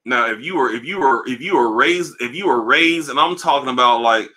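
A man hosting a livestream, ranting in a casual, profane way, animated and repeating himself. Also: medium pitch, brisk. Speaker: livestream host. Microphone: livestream mic.

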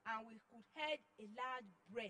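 A woman giving an emotional church testimony, dramatic, acting out her own shouts and then dropping to hushed tones. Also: fairly high pitch, normal speed, poor audio. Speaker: testimony giver.

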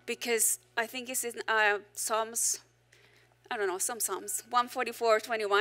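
Woman pastor preaching, chatty and animated, cracks jokes, bright punchy voice, bit high. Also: normal speed, soft background music. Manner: animated and conversational, with joking asides. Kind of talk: sermon.

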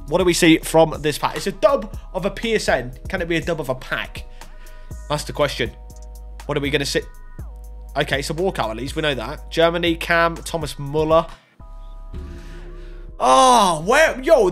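A young man hosts a pack-opening gaming video with a lively, bouncing voice. He jumps from excited shouts to drawn-out groans. Faint music plays underneath. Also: high voice. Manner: excitable, swinging between hype and groans. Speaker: gaming YouTuber.

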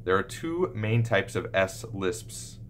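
Slowly and expressively, a man with a low, fairly bright voice works as a pediatric speech therapist, explaining speech sounds to camera. He shows off sounds and lisps using exaggerated examples, over a faint hiss or hum.

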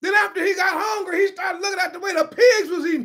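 A man preaching a sermon with impassioned shouting and rhetorical questions. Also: extremely high pitch, steady tone, fast.

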